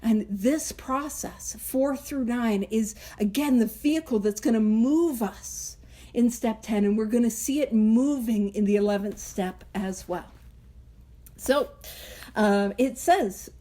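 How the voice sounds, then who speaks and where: Woman host, high bright voice, chatty and animated, laughs between points, leads a book study. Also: slow. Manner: animated, chatty, laughs often, self-interrupting asides. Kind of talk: casual teaching chat.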